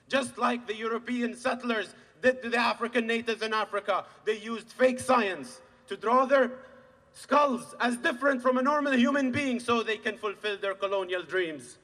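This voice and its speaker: A man from Gaza giving an impassioned protest speech at an outdoor rally, swinging from hushed grief to shouting. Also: sits high, moderate pace, big-room sound. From Gaza, Palestine. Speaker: rally speaker.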